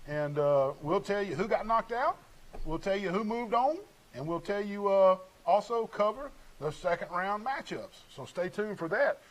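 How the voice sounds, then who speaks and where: A man's voice: high-pitched, lively intonation, normal speed, poor audio. A middle-aged man hosting a casual local sports talk show, chatty and folksy as he runs through sponsor plugs.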